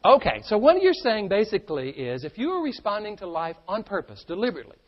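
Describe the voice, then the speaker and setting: Male seminar speaker, energetic and playful, works the crowd; animated pitch, lo-fi recording. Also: fast talker. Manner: energetic, playful, engages audience. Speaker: stress management speaker. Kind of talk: live seminar talk to an audience. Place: seminar room with live audience.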